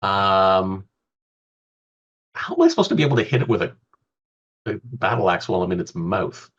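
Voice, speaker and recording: A man's voice: low voice, animated, moderate pace, fairly bright tone, highs cut off. A man playing a tabletop game, thinking aloud hesitantly as he works out his turn. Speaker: player.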